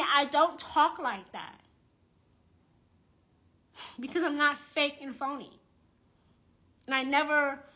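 Blunt, high-voiced woman ranting live. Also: bright, forceful tone. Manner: blunt, profane and indignant; repeats phrases for emphasis. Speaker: witch and tarot reader. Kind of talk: live-streamed rant.

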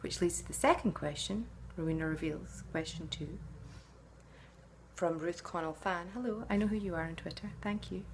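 A woman's voice: lowish voice, moderate pace. A middle-aged woman, an actress answering fan questions in a casual, chatty way, musing and often hesitating.

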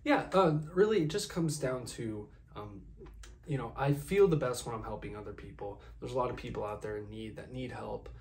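A man playing a generous young male video star as a podcast guest in a comedy sketch, talking in a relaxed, halting way full of fillers. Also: medium pitch, a little hiss or hum, lightly acted. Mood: earnest. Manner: laid-back, hesitant, many fillers.

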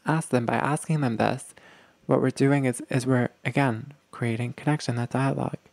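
Man, mid-pitched and gravelly, coaching couples gently, dry close sound; keeps checking in. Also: steady tone, moderate pace, dry recording. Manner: gentle, explanatory, often checks in with "okay?". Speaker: relationship coach. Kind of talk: relationship advice talk.

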